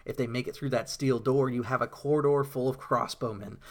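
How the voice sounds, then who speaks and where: A man's voice: mid-range voice, fairly even intonation, a little fast. Rambling man talking tabletop games. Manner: rambling, filler-heavy, enthusiastic storytelling. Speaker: tabletop RPG blogger. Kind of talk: casual monologue about tabletop gaming.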